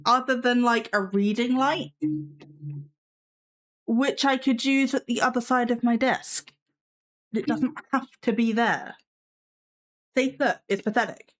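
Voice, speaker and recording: A woman's voice: a little high, fairly even intonation, measured pace, long pauses. A woman hosting a casual live stream from her desk at home, chatting with viewers and her cat with a sarcastic, self-mocking humor.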